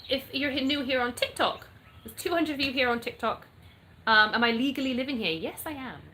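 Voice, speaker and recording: Brief: English woman, bright voice, chatty live-stream host, soft birdsong behind. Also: high voice, a little fast, slight background noise. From England. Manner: chatty, upbeat, greets viewers by name. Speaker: livestream host. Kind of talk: casual live-stream chat reading comments.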